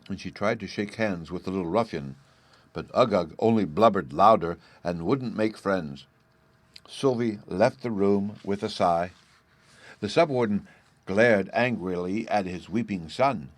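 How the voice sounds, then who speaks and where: A man with a low voice reads a classic storybook in calm, steady narration. The sound is close and dry, with no room around it. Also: moderate pace, no room sound. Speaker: audiobook narrator. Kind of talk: scripted narration.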